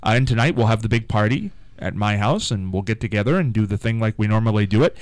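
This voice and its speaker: A male radio host with a very animated, swooping delivery, chatting and rambling in a relaxed, friendly way. His voice sounds close and dry, with hardly any room around it. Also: lowish voice, quick pace, dry recording. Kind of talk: casual radio chat. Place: radio studio.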